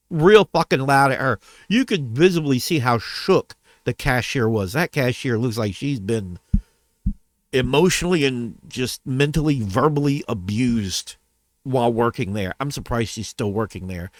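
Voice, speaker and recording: A man's voice: sits high, lively intonation, moderate pace, bright, forceful tone, no echo. A man venting to his camera about a bad restaurant visit, heated and profane, repeating himself as he goes. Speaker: vlogger. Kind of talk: angry rant to camera.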